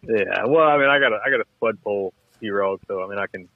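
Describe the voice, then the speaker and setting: A man's voice: fairly low pitch, quick pace, no echo. A man from Louisiana with a Cajun accent, talking in a laid-back, rambling way as a podcast guest. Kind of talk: casual chat. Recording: tinny phone-like line, dry.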